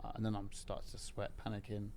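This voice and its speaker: A middle-aged man telling a story in casual podcast talk, animated and swearing, breaking into laughter. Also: lowish voice, quick pace, very noisy. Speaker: podcast guest.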